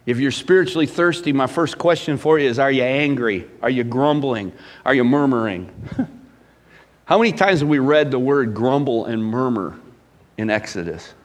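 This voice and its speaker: A man preaching a sermon as pastor, animated and swinging between loud emphasis and hushed asides. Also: mid-range voice, moderate pace, long reverb tail.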